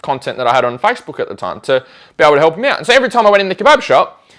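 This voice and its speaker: A man telling stories in a casual chat, animated and acting out the conversations he describes. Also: fairly high pitch, rapid-fire. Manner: animated, acts out conversations in quoted voices.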